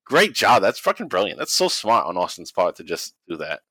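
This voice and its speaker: A man's voice: deep voice, huge pitch swings, fairly quick, bright, forceful tone, no room sound, rough recording. A man co-hosting a casual podcast, recapping a match play by play with profanity, frequent laughs and goofy impressions. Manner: profane, laughs often, does silly voices. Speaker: podcast co-host recapping wrestling.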